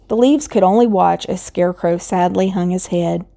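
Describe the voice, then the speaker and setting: Mellow woman reading a picture book. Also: lowish voice, moderate pace, creaky, hardly any pauses. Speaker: storybook reader.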